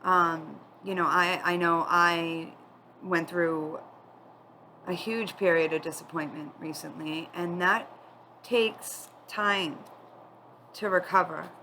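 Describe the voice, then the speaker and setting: Tearful woman, tarot reader, slow halting delivery, bright voice. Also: lowish voice, fairly even intonation, a little hiss or hum, poor audio. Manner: candid, confiding, slow and halting. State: tearful, crying. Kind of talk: emotional spiritual reading.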